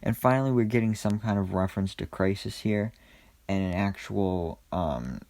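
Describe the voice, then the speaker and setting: Brief: male TV reviewer, casual recap, fry in the voice, dry close sound. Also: fairly low pitch, normal speed, darkish tone, no room sound. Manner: chatty, enthusiastic, frequent ums and restarts. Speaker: TV episode reviewer.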